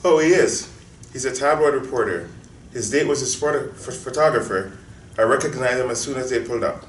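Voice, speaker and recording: An actor reading a courteous, formal and steady security guard in a screenplay reading. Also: male voice, medium pitch, fairly quick, close to an everyday voice. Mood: confident. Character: polite, firm male security guard. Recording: roomy distant sound with faint noise.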